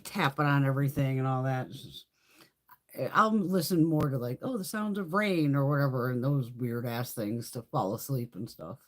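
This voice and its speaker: A woman with a very deep voice hosts a live beauty stream, speaking at normal speed as she tries on makeup. She chats casually, laughs often, and swears freely.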